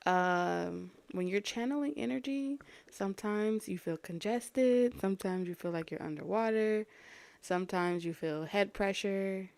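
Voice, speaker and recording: A woman's voice: mid-range voice, measured pace, creaky, darkish tone, dry recording. A woman, casually chatting to viewers during a live-stream tarot reading, her breathing audible near the mic. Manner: casual and chatty, talking to viewers between card pulls. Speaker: tarot reader.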